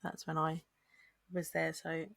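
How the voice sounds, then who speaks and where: A woman's voice: low voice, completely flat delivery, unhurried, gravelly, crowd noise. A woman from Boston co-hosting a podcast, chatting enthusiastically about beer and laughing often. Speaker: podcast co-host. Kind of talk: casual chat about beer.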